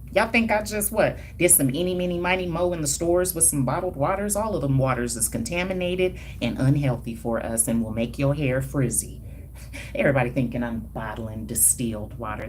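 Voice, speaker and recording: Sassy low-voiced woman stylist, livestream. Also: darkish tone, a little hiss or hum. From Denver, Colorado. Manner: sassy, emphatic, colloquial, chuckling asides. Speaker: hair stylist and brand owner. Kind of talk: casual livestream talk to viewers.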